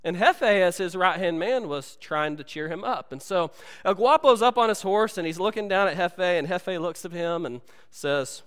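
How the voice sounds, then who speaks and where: A man preaching a sermon, telling stories in an animated way and acting out movie lines for his congregation. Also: high-pitched, moderate pace, clear, resonant tone, long reverb tail. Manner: animated storytelling, acts out movie dialogue. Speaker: pastor. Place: church sanctuary.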